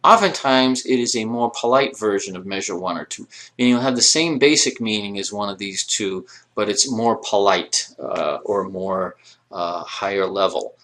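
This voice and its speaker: A man with a fairly low voice walks students through a recorded lesson. He explains patiently, step by step, often pausing on rhetorical questions before giving the answer. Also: fairly bright tone. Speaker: Arabic teacher. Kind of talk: recorded lecture.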